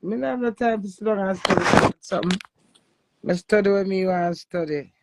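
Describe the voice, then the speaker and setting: A woman's voice: mid-range voice, normal speed. A woman with a Jamaican accent chatting casually on a livestream, playful and boastful in patois. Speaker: livestream host.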